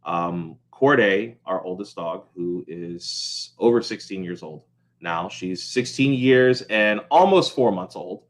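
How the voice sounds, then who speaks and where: A man's voice: deep voice, lively intonation, slow pace. A man hosting a casual vlog update from home, rambling and apologetic, with many ums and restarts. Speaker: host of a small crafts business channel.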